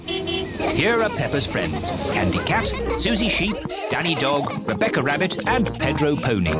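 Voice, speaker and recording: A man narrating a children's cartoon in a clear, gently amused storytelling manner. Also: on the high side, huge pitch swings, unhurried. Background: music.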